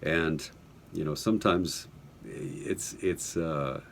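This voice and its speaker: A man's voice: rumbling low, slow, gravelly, a little hiss or hum. A middle-aged man from New Mexico, an audiobook narrator, answering interview questions casually from his home studio, rambling and joking as he goes. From Albuquerque, New Mexico, US.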